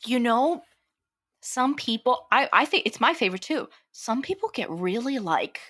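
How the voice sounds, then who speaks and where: Pembawa podcast perempuan yang ceriwis. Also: female voice, on the high side, sing-song, normal speed, a bit bright, no echo. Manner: chatty, playful, giggly. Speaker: podcast co-host. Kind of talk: casual chat.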